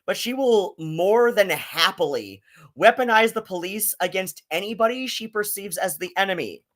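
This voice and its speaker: A man's voice: high-pitched, lively intonation, normal speed, fairly bright tone. Rambling, profane man streaming commentary. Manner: rambling, profane, many fillers and restarts. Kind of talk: casual live-stream commentary.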